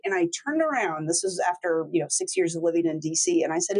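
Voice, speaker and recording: A middle-aged woman who grew up in Texas, telling lively stories in a casual chat and mimicking other people with big jumps in pitch. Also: quick pace, vocal fry, hardly any pauses, low-quality recording. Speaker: law firm owner, host.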